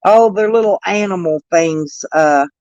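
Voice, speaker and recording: An older woman talking on a casual vlog, slipping into high sing-song baby talk for a grandchild. She laughs often and repeats herself. The sound is dry and close. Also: unhurried, a little mellow, no echo, muffled recording. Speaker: vlogger and grandmother. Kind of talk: casual live-stream chat.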